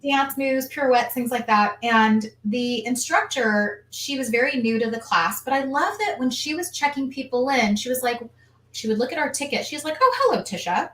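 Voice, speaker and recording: Lively woman hosting a live stream. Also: high-pitched, moderate pace. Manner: lively, reads viewer comments aloud. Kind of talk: casual live stream chat. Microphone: video call. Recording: echoey room, distant from mic.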